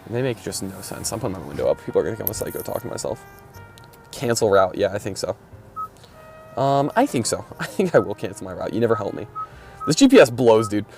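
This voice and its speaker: A man's voice: on the low side, very animated, fast talker, vocal fry, a little mellow, soft background music. Rambling man chatting while driving. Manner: rambling, mumbling, swears a lot. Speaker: podcast host. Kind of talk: casual solo chat while driving. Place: in a car.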